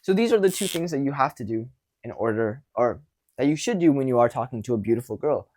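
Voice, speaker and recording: A young man coaching viewers on dating in a casual monologue, animated and blunt, with casual swearing. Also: medium pitch, fast.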